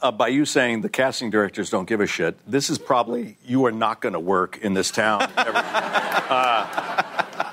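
Older man telling animated stories. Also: medium pitch, moderate pace, slight background noise. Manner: animated storyteller, acts out other people's voices. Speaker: guest actor. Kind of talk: casual anecdotal chat. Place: TV talk show studio.

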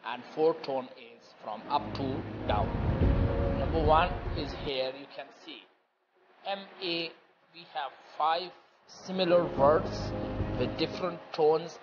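A man teaching a recorded language lecture, explaining step by step in a deliberate, repetitive way with many pauses. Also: on the high side. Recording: dull lo-fi audio with loud music.

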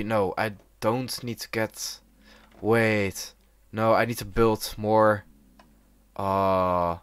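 Guy doing game commentary, talks slow, dry close mic, cusses and yells at the game a lot. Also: on the low side, clean tone, no echo. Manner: swears and shouts in frustration at the game. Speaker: gaming YouTuber. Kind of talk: let's play commentary.

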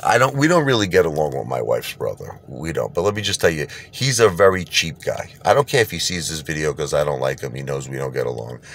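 Blunt man with a very deep voice. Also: expressive, quick pace, creaky, few pauses, fairly bright tone. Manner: blunt, rambling, repeats himself. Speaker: vlogger. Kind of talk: casual rant to camera.

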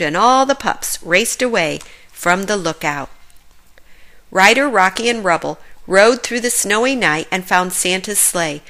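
Bright woman reading a kids' storybook. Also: mid-range voice. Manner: clear, expressive reading for kids. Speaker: storybook reader. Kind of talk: children's storybook read-aloud.

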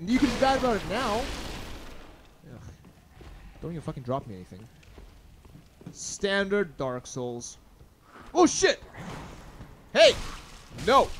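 A young man commentating a blind playthrough of a hard video game, swearing and shouting at enemies, then muttering to himself. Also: a little hiss or hum. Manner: swearing, yelling at enemies, sudden pitch jumps. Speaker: gaming channel host. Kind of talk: blind let's play commentary.

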